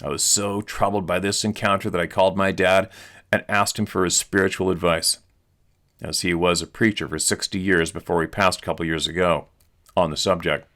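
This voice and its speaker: A male host reading a listener's eyewitness letter aloud in an earnest, steady storytelling manner. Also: sits low, fairly quick.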